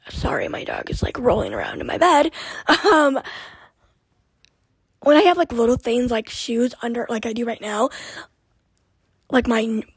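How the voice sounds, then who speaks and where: Young female podcast host, chatty and rambling, husky high voice, dry close sound. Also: no room sound. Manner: rambling, chatty, with many fillers and restarts. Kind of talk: casual chat.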